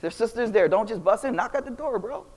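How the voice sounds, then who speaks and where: A young man giving a casual, animated Islamic talk full of slang, swinging between loud and quiet. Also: high-pitched, fairly quick. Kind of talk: casual storytelling lecture. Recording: long reverb of a hall.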